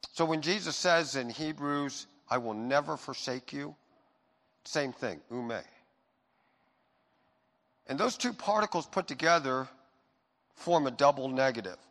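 A man preaching a sermon, moving between loud emphatic passages and soft, intimate reassurance. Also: medium pitch, expressive, measured pace, pauses often. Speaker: pastor. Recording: long hall reverb.

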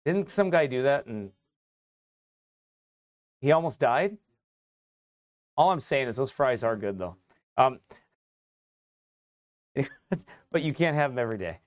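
A man's voice: medium pitch, dry recording. Conversational preaching man, dry sound. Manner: conversational preaching, rising to emphatic exhortation, laughs often. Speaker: pastor. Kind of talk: sermon.

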